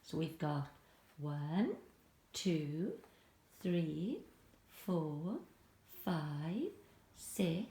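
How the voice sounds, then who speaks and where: A middle-aged woman with a Welsh accent, a primary school teacher giving a slow phonics lesson for young children at home, stretching out each sound. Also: deep voice, expressive, creaky, dark tone. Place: home, filming alone.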